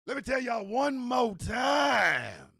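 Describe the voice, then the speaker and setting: A man playing a boastful, trash-talking villain in a shouted wrestling-style promo. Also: very high voice, very animated, slow pace, vocal fry, breathy edge, no room sound, pitched above the performer's own voice, exaggerated voice. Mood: boastful shouting. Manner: shouted swaggering promo, taunting rivals. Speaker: host.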